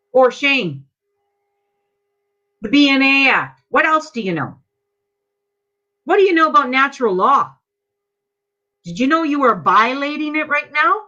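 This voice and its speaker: Addressing the group meeting as a member, this Canadian woman speaks in a fairly high, fairly bright voice. She's angry and accusatory, hurling rhetorical questions, and the recording is dull and lo-fi.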